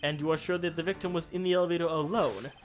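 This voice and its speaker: A woman voicing a calm, self-assured male prosecutor, reading game dialogue aloud in a measured, formal way. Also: lowish voice, slight background noise, lightly acted. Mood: composed.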